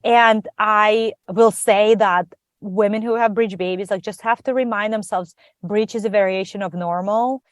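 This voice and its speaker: Woman guest recounting a personal story, lively and chatty, medium pitch, dry close sound. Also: normal speed, dry recording. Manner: animated, acts out quoted dialogue. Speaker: podcast guest. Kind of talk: conversational storytelling.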